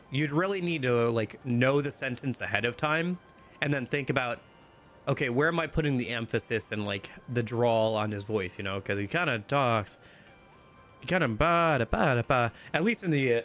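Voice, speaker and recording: A man's voice: mid-range voice, a bit bright. A man casually commenting while he plays a video game, rambling with many fillers. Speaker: streamer playing a game. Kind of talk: casual let's-play commentary.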